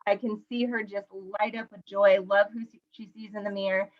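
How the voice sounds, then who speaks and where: A woman's voice: medium pitch, level tone, normal speed, highs cut off. A woman hosting a group video call, effusive and encouraging as she introduces guests.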